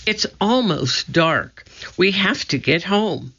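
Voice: medium pitch, lively intonation, slow, sharp tone, pitched above the performer's own voice, heavily acted. Worried doubtful little boy, kinda exasperated, reader doing the voice, dull audiobook sound. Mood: anxious calling. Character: cautious eight-year-old boy, worried and skeptical.

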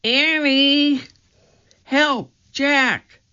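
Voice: medium pitch, very animated, slow, bright, forceful tone, pitched above the performer's own voice, full character voice. A storybook narrator voicing an eager, adventurous young girl who pleads and calls out urgently. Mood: crying for help. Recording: muffled lo-fi recording.

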